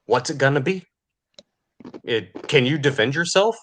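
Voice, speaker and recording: A man's voice: medium pitch, animated, a little slow, fairly bright tone, a little hiss or hum. A man delivering an angry, profane podcast rant, sneering and furious. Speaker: podcast host.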